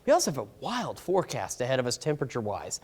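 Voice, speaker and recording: A man's voice: mid-range voice, wildly swooping pitch, rapid-fire, darkish tone, breathy edge. A man giving a live morning TV weather forecast, chatty and a bit flustered, out of breath. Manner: flustered, chatty, self-interrupting. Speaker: weather anchor. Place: TV news studio.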